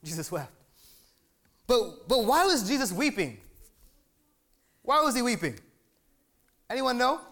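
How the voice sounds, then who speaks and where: A man with a high voice preaches with rising excitement, pressing points home and stopping to ask his listeners for an amen. He stumbles over repeated words when he gets worked up. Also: measured pace, pauses often. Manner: excitable, emphatic, asks the crowd for amens. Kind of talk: sermon.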